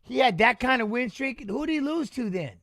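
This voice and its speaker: A middle-aged man hosting a fight watch-along, chatting casually and telling animated, swear-laced stories. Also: very high-pitched, fairly quick, gravelly, dry recording, clean studio sound. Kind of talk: casual chat reading live chat.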